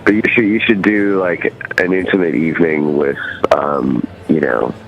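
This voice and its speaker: Deep gravelly Californian man. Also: moderate pace, highs cut off, slight background noise. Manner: rambling, full of fillers. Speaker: guest musician. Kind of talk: casual interview chat.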